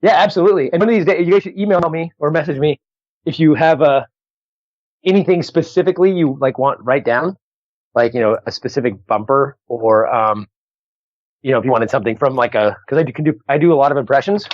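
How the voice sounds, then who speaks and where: A man's voice: medium pitch, fast, no echo. A man, a guest comedian, chatting loosely over a call through a phone earpiece, stumbling and laughing through retakes. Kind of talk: casual chat over a call. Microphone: phone earpiece on a video call. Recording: dull lo-fi call audio.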